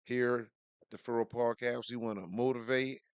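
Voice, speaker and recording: Man, podcast host, hoarse, energetic, smooth timbre, dry sound. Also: mid-range voice, moderate pace, no room sound, muffled recording. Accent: American English. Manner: energetic shout-outs to viewers. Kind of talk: casual podcast chat.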